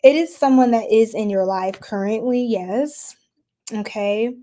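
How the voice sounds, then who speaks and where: A woman's voice: a little high, a little slow. Chatty woman doing a casual tarot reading. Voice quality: chatty, laughs often, drifts into soft whispers. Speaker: tarot reader.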